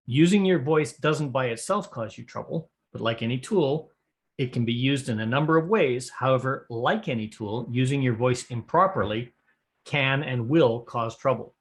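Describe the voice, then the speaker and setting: A man's voice: mid-range voice, moderate pace. A middle-aged man teaching would-be square dance callers about breathing and voice care, in a folksy, practical way, showing what he means as he talks. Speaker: square dance calling instructor. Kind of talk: spoken lesson to a camera.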